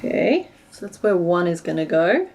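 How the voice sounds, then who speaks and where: A woman's voice: lowish voice, sing-song, normal speed, a little mellow. Young woman, West Australian accent; casual, self-deprecating live-stream chat while crafting. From Western Australia. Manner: chatty and self-deprecating, narrating her hands-on work. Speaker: crochet streamer.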